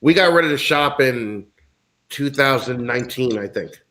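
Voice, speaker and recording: A man's voice: medium pitch, lively intonation, normal speed, very noisy. A man from the United States, a guest in a casual chat, talking bluntly with lots of swearing and ranting.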